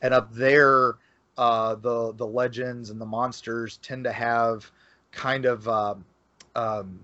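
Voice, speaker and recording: A man's voice: medium pitch, flat delivery, slow, pushed and bright, no echo. A man talking as a podcast guest about local folklore, rambling with many fillers and restarts. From Florida. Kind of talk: casual podcast conversation. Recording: dull lo-fi, dry sound.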